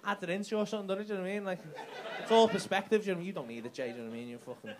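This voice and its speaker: A man's voice: sits high, expressive, racing, very noisy. A man doing brash, sweary stand-up crowd work in a comedy club. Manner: brash, sweary banter with the audience. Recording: live club with loud crowd laughter.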